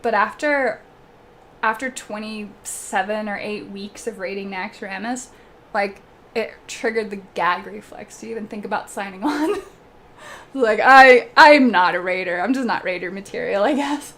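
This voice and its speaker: A young woman hosting a casual live stream, chatting with viewers while she paints, laughing often and breaking into animated asides. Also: mid-range voice, moderate pace, a little hiss or hum. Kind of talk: casual chat while reading viewer comments.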